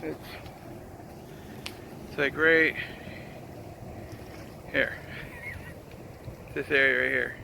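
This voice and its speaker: Man, gravelly voice, casual rambling, constant swearing, noisy outdoor phone recording. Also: mid-range voice, steady tone, very slow, pauses often, bright, forceful tone. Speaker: truck driver vlogger. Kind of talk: casual walking vlog. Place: outdoors at a lakeside rest area. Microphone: handheld phone.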